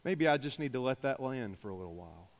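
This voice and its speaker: A man's voice: medium pitch, expressive, fast. Man preaching in a reverberant church. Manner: swings between quiet reflection and raised emphatic preaching, with asides of dry humor. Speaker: pastor. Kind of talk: sermon. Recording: long reverb of a large church hall.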